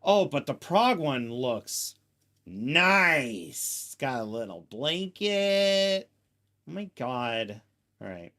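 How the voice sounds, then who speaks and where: A man's voice: medium pitch, sing-song, slow pace, sharp tone. A man giving casual, joking gameplay commentary, chatting to himself and to the game as he plays. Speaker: gameplay streamer.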